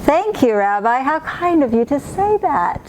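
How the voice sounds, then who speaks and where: A doting old grandmother from a picture book, cheerful and talkative, as a woman reading aloud puts her on. Her voice lifts well above the reader's own and stays bright and fond as she fusses over her guest. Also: high-pitched, big pitch swings, a little slow, a little hiss or hum, pitched above the performer's own voice, rough recording. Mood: welcoming. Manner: cheerful, doting, gently scolding. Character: kindly old grandmother, warm and chatty. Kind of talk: storybook character voice.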